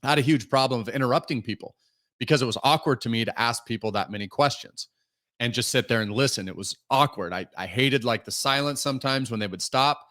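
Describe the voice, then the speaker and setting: A man's voice: mid-range voice, quick pace, bright, forceful tone. A man talking casually as a podcast guest, telling stories full of "like" fillers. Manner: storytelling, many fillers like "like".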